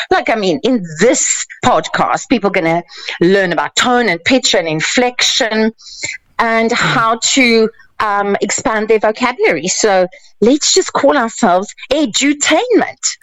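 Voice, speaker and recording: Lady coach on the radio, lively up-and-down voice, slow and deliberate. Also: medium pitch, no echo, poor audio. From South Africa. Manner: animated, emphatic, playful. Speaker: life coach guest. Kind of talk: radio advice talk. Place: radio studio.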